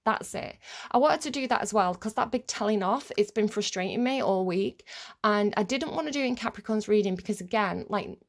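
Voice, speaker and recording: A woman's voice: medium pitch, brisk. A young woman, a tarot reader, chatting casually and rambling with many fillers, swearing when annoyed. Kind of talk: casual chat to camera.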